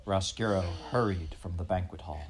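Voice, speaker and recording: A man's voice: low-pitched, a little hiss or hum. Man reading a children's novel aloud. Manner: addresses the listener directly, measured storyteller. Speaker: audiobook narrator.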